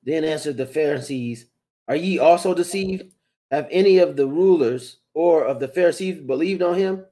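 A man reading Bible verses aloud in a steady, plain way. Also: fairly high pitch, moderate pace. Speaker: scripture reader.

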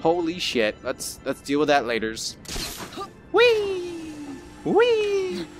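A playful man chatting through a game session with a lively, swooping delivery that keeps jumping up and down. He jokes and swears and drops into silly put-on voices. Soft game music sits behind him. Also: moderate pace. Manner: playful, goofy and profane, breaks into silly high put-on voices. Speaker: video game let's player. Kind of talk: casual gameplay commentary.

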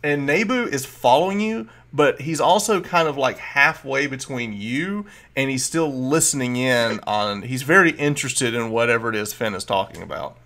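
A man's voice: medium pitch, expressive, normal speed, hardly any pauses, a bit bright. A man narrating as game master, describing scenes loosely with many fillers.

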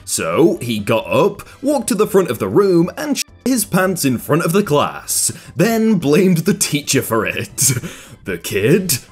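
Lively laughing man reading posts. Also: a little high, unhurried, hardly any pauses, husky. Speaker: YouTube host reading Reddit posts. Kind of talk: casual comedic commentary.

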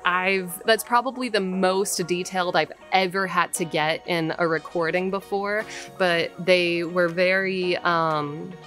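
A woman voice actor with a lowish voice, talking through her work in a careful, measured way. Faint music plays under her voice. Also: fairly even intonation, fairly bright tone. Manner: explains carefully, deliberate and measured. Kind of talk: casual advice talk.

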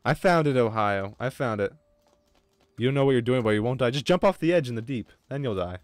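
Young male streamer, mid-range voice, dry close sound; loose, profane, easily excited gaming chatter. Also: mid-range voice, fairly quick, no room sound. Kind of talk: casual gaming chat.

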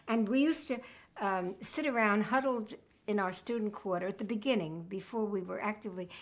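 A woman's voice: on the high side, a bit bright. A woman, reminiscing in an oral history interview with a wry sense of humor. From United States.

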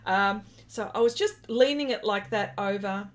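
A woman's voice: mid-range voice, moderate pace. A woman with an Australian accent hosting an art livestream, chatting casually and greeting viewers by name between many fillers.

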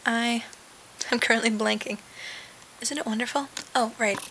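A young woman chatting into a webcam from her bed, rambling from one aside to the next with lots of fillers. Her voice sits a bit high, and a faint hiss runs under the recording. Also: steady tone, normal speed. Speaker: vlogger. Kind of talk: casual webcam vlog. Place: sitting in bed at home.

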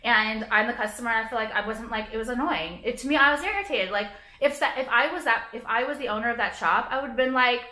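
Young woman, vlog rant, profane, sarcastic, filler-heavy, bright tense voice, slightly high, echoey room. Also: quick pace, few pauses. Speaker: vlogger. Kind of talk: casual rant to camera.

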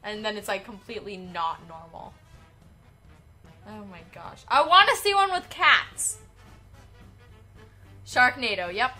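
A young woman giving excitable, giggly commentary while playing a video game. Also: mid-range voice, measured pace, long pauses. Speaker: game streamer. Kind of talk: casual gameplay commentary. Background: faint game music.

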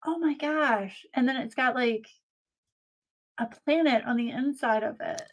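A woman hosting a casual live-stream craft unboxing from home, gushing and excitable as she chats to viewers. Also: fairly high pitch, a little slow. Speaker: craft channel host.

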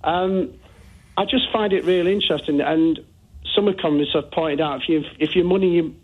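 A man's voice: on the high side, fairly quick, husky. Indignant male caller on a tinny line. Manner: indignant, emphatic. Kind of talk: phone-in call. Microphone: telephone.

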